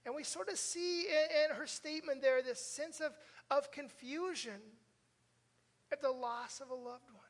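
A man's voice: very high voice, measured pace. An older man, a pastor, preaching a conversational sermon and telling stories in an earnest manner straight to his congregation. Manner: earnest, storytelling, direct address to congregation. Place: church sanctuary. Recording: long reverb of a church hall.

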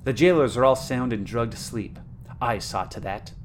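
A man's voice: mid-range voice, normal speed, slight background noise, natural voice. A man voicing a cruel, scheming young witch princess in a dramatic story reading, with a gloating, mocking delivery. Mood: commanding.

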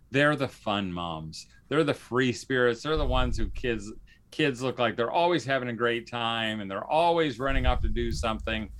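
A man's voice: mid-range voice, bright, forceful tone, smooth. A man hosting a podcast in a casual, rambling way, with lots of fillers and restarts. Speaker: podcast host.

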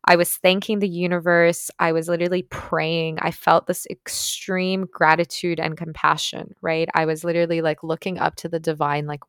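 A woman's voice: lowish voice, little pitch movement, normal speed, few pauses, smooth, no echo, studio quality. A young woman earnestly recounting a personal experience in a casual, heartfelt way, with many "like"s and "right?"s. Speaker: vlogger recounting a retreat experience. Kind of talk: casual storytelling monologue.

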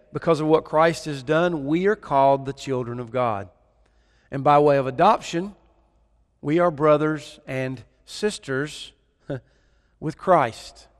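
A man preaching in a church sanctuary, his voice sitting a little higher than most men's. He speaks slowly and deliberately, leaning on repeated words for emphasis. A long reverb from the hall trails behind each phrase. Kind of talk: sermon.

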